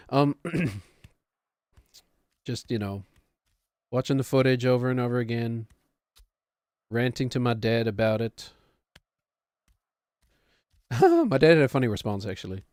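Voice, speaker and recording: Male streamer, casual rambling chat, mid-pitched, dry close sound. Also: a little mellow, dry recording. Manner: rambling, self-deprecating, frequent fillers. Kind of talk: casual chat while gaming.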